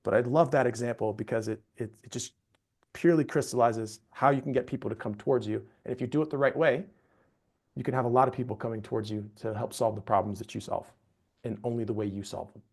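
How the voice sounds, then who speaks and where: Animated male storyteller on a podcast. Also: mid-range voice, quick pace, breathy edge. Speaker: storytelling expert guest.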